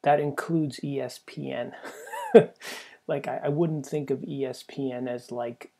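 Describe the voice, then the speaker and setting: A man's voice: mid-range voice, steady tone, a little slow, vocal fry, mellow, breathy edge. A man hosting a podcast, talking in a rambling, digressive way and chuckling between thoughts. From Canada. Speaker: podcast host. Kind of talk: casual podcast monologue.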